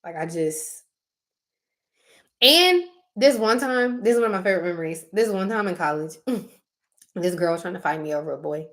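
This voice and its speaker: A woman's voice: fairly low pitch, moderate pace, pauses often. A young adult woman co-hosting a casual chat, telling stories animatedly with laughing asides and acted-out quotes. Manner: animated storytelling, acting out quotes; frequent fillers and laughing asides.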